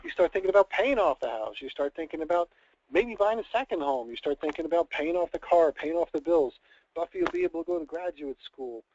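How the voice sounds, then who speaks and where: Expressive and brisk, a slightly high, somewhat mellow male voice leads a conversational sales training call. The network marketing trainer is chatty and dramatizes little scenarios, heard through dull, dry, lo-fi call audio.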